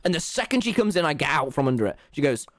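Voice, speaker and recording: Animated young man telling a story. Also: fairly high pitch, quick pace. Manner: animated, jokey, acts out every voice. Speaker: gaming streamer. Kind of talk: casual storytelling while gaming. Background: faint game music.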